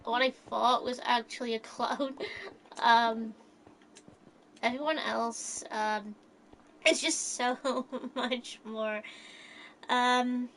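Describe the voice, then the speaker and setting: A woman talks in a slow, drawn-out way, her voice bright and a touch higher than most. She hesitates often and fills gaps with small fillers as she casually recounts a story she imagined. Faint background noise sits under her voice. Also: rough recording.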